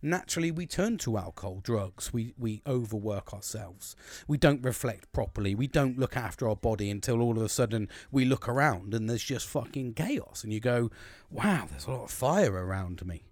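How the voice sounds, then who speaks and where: A man's voice: mid-range voice, moderate pace, a little mellow, dry recording. A man in his thirties hosting a late-night podcast, talking candidly and rambling with frequent swearing and restarts. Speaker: podcast host.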